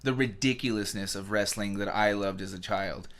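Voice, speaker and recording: Dude cohosting a podcast, hyped up, swears a lot, goes on goofy mock rants. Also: male voice, fairly low pitch, normal speed, creaky. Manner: excitable, swears freely, does mock rants. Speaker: podcast co-host. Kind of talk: casual chat.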